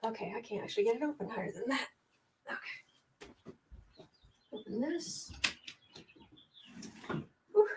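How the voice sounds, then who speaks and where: Woman, fairly high voice, tarot livestream host, talkative and overheated, casual home setup. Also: lively intonation, measured pace, long pauses, a little hiss or hum. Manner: chatty, reads viewer comments aloud, stumbles and restarts. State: overheated and sweaty. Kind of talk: casual live-stream chat. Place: indoor room at home.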